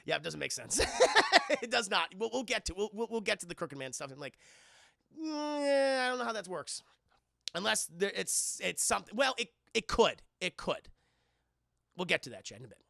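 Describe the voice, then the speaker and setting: Guy streaming a movie recap, gravelly and bright, laughs a lot, pitch jumps all over, dry sound. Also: normal speed, no room sound. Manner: animated, laughing, acting out scenes. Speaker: streamer reviewing a film. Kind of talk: casual recap with live chat.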